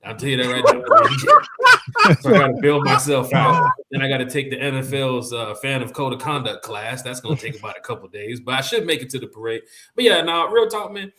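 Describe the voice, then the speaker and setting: Animated, colloquial male sports fan. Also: mid-range voice, fast talker, background noise. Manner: animated, colloquial, says "you know what I'm saying". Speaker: guest fan. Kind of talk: casual fan talk.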